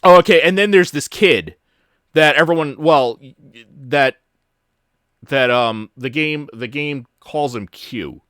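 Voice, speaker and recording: A fairly high-voiced man chatting casually on a podcast, stumbling through his story with lots of "like" and "um" and the odd curse word. His voice sounds dry and close, with no room behind it. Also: measured pace, fairly bright tone, no room sound. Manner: rambling retelling full of fillers and restarts; casual and profane. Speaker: podcast host. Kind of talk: casual chat.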